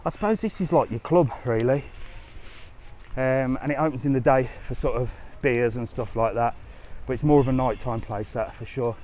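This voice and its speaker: A man's voice: mid-range voice, normal speed, a little mellow. A man walking a resort strip, chatting to viewers in a live vlog and answering their questions. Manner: chatty, cheeky, answers comments on the go. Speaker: travel vlogger. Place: outdoor tourist strip by the sea. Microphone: handheld camera while walking. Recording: light street noise outdoors.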